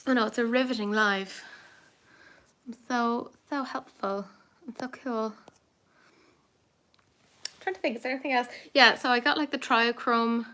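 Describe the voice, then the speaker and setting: A woman's voice: on the high side, steady tone, normal speed, long pauses, bright, forceful tone. A woman in her thirties hosting a casual live stream from her phone, rambling and self-mocking, cooing at her cats as she walks from her home out into the garden. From Ireland. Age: 30s. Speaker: livestream host. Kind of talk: casual livestream chat. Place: home, then outdoors in a garden.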